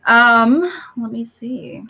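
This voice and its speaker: A woman's voice: a little high, very slow, pushed and bright, a little hiss or hum. A woman co-hosting an online video chat, talking casually with lots of fillers. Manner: chatty, many fillers. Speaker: co-host.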